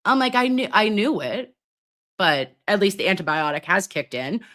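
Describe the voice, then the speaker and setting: A middle-aged nurse hosting a live stream, chatting with viewers and reading their comments while she gets over pneumonia and keeps clearing her throat. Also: mid-range voice, sing-song, moderate pace, fairly bright tone. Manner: chatty, calls viewers babes, reads comments aloud. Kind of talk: casual live stream chat.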